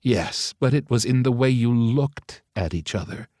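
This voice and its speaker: A man voicing an excitable middle-aged mother who gushes over her son, in an audiobook reading. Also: fairly low pitch, normal speed, husky, no echo, studio quality. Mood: fond. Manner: gushing, fond, emphatic.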